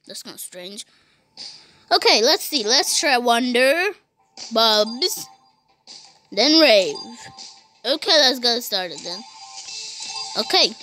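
A female gaming YouTuber gives playful commentary, bantering with cartoon characters, giggling, and saying "beep" instead of swearing. Her voice is high-pitched, pushed, and bright.

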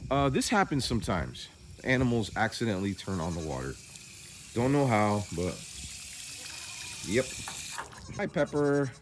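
A man vlogging outdoors on a small farm, chatty and worried, thinking out loud as he walks around. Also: fairly low pitch, big pitch swings, moderate pace, pauses often, slight background noise. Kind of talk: casual vlog commentary.

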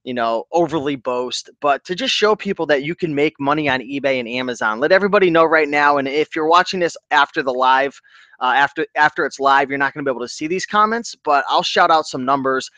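A man hosting a casual livestream about online reselling, upbeat and chatty, giving shout-outs to viewers. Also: on the high side, fairly quick, no echo.

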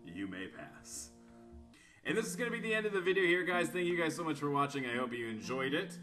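A man doing let's-play commentary, reading answers aloud in animated voices and laughing often. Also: a little high, racing, soft background music. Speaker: gaming YouTuber.

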